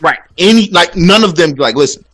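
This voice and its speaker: A man's voice: fairly high pitch, animated, brisk, a bit bright. A man hosting a casual sports talk show, ranting with plenty of profanity. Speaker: podcast host.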